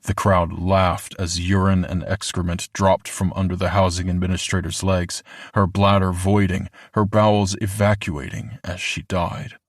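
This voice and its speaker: A man reading a horror audiobook in a measured, deliberate way, slowing down for the grim moments. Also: low-pitched, flat delivery, dry recording, clean studio sound. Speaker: audiobook narrator. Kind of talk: scripted horror narration.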